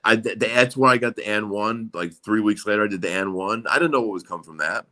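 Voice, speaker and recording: Brief: man in his 40s, slightly low voice, rambling and profane interview guest. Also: fast, sharp tone. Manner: rambling, swears freely, many fillers. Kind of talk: casual interview chat.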